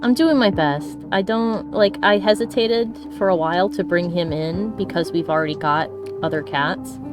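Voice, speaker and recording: A woman's voice: lowish voice, moderate pace, music in the background. A woman chatting casually and affectionately on her live stream while she draws, laughing often. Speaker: streamer and artist. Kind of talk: casual chat while drawing.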